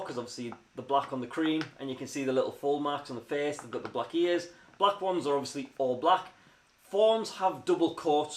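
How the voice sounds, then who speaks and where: Young male co-host from northern England, slightly high voice, loose rambling chat in a roomy space. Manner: rambling, chatty, lots of fillers. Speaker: podcast co-host. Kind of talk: casual live-stream chat. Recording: roomy room sound.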